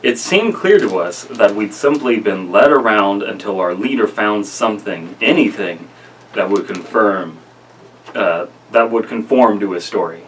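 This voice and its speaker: A man's voice: fairly low pitch, lively intonation, measured pace, far from the mic, a little hiss or hum. A young man reading a horror story aloud with a friend, riffing on silly theories and joking between passages. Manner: jokey, riffs on silly theories. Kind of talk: casual story reading with banter.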